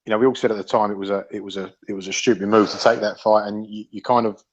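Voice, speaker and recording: A man's voice: on the low side, steady tone, fast. A man in a casual podcast chat about boxing, rambling with many restarts and swearing freely. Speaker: podcast panelist. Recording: dull lo-fi audio.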